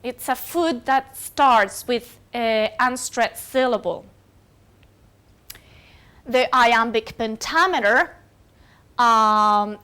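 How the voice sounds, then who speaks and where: A woman's voice: fairly high pitch, fairly bright tone, clear, resonant tone. A woman whose first language is Spanish, giving a recorded university lecture with many fillers and self-corrections.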